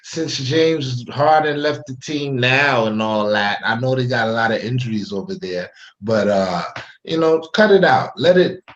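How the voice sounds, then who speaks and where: A man's voice: mid-range voice, measured pace. A man hosting a casual sports chat, hyped and slangy as he talks. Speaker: podcast host. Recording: dull lo-fi sound.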